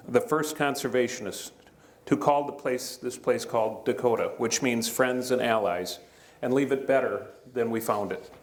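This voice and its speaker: A middle-aged man giving a county address to a live audience in a large hall, in a folksy, joking, conversational way. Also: medium pitch. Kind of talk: public speech with jokes. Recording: echoey hall with faint room noise.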